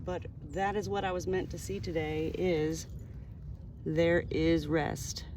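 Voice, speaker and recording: A woman vlogging as she cleans a gravestone, speaking softly and reverently and addressing the dead directly. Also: fairly low pitch, fairly even intonation, slow. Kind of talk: casual narration while working. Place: outdoor cemetery. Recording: noisy outdoor audio with passing traffic.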